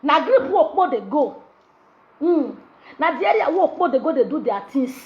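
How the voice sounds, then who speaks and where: A woman with a Nigerian accent rants to camera in Pidgin, her voice pitched high as she scolds and mocks in looping, sing-song repetitions. The sound is dull and lo-fi, like a cheap phone recording. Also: very animated, moderate pace. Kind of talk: ranting monologue in Nigerian Pidgin. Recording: dull lo-fi audio.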